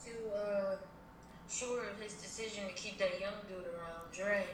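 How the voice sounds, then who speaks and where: A woman's voice: mid-range voice, steady tone, normal speed, background noise. A woman co-hosting a podcast, making hesitant, easygoing remarks in casual chat. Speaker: podcast co-host. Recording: echoey room with faint ambience.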